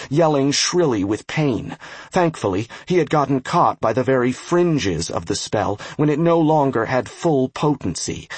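A man narrating a fantasy game novel as an audiobook, with a steady, even storytelling delivery and a husky voice. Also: medium pitch, no room sound. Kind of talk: scripted narration.

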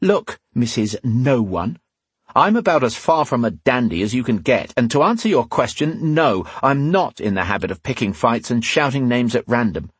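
A man's voice: mid-range voice, sing-song, moderate pace, husky, no echo, voice pushed up. A man playing a smug, cocky young nobleman messenger in a fantasy audiobook, teasing and mock-polite.

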